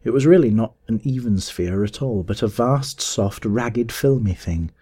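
Low-voiced man reading a story aloud. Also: husky. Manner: measured, even storytelling that rises to shouts in dialogue. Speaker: narrator. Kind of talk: audiobook reading of a classic story.

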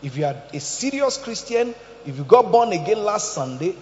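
A man preaching a sermon as pastor, animated, acting out quotes and jokes. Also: high voice, normal speed. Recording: echoey hall, dull lo-fi sound.

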